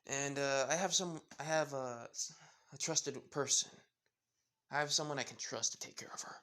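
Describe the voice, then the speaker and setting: Casting: man doing an easygoing, gruff father, mid-range voice. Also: medium pitch, normal speed, sharp tone, close to an everyday voice. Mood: somber. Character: gruff burly man, a laid-back single father.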